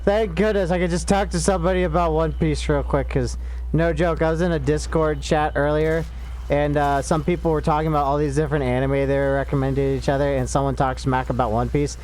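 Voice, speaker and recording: A man's voice: a little high, level tone, a little fast, a little mellow, slight background noise, poor audio. An American man chatting casually while gaming, jokey and prone to rambling tangents. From United States. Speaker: co-host of a gaming chat.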